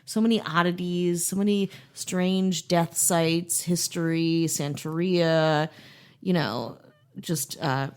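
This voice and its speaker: A woman's voice: fairly low pitch, fairly even intonation, slow, a little mellow, clean tone. A woman co-hosting a paranormal comedy podcast, chatting casually and throwing in playful jokes. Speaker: podcast co-host. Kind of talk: casual chat.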